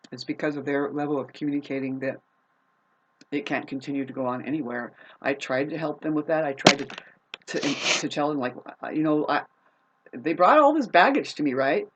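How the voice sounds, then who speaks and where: A woman ranting to camera in a profane, rambling, confrontational way, swinging between loud outbursts and low muttering. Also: muffled recording. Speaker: vlogger. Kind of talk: unscripted rant to camera.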